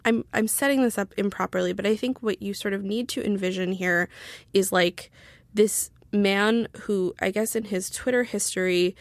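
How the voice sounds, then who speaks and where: A woman's voice: medium pitch, fairly even intonation, normal speed, dry recording. A woman telling a story in casual podcast chat, chatty with many fillers and sarcastic asides. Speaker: guest, writer.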